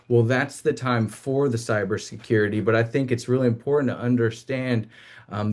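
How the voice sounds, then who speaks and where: A man hosting a small business talk, speaking in a measured way with frequent fillers. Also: medium pitch, a little mellow. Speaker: host.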